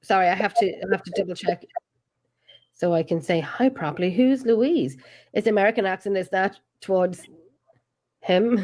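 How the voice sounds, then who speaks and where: Irish woman, show host; chatty, lively, greets viewers, mid-pitched voice. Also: moderate pace. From Ireland. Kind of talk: casual chat, reading viewer comments.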